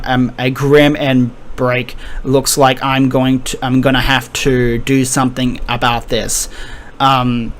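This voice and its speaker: A man's voice: a little high, a bit bright. A man casually reviewing a comic chapter with rambling, hesitant talk and frequent laughter. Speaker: anime and manga reviewer. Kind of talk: casual commentary.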